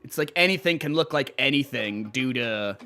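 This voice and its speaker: A man's voice: medium pitch, animated, normal speed, bright, forceful tone, faint music behind. A young man livestreaming, chatting casually and rambling, swearing freely as he reacts to clips and reads chat. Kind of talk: casual live-stream chat.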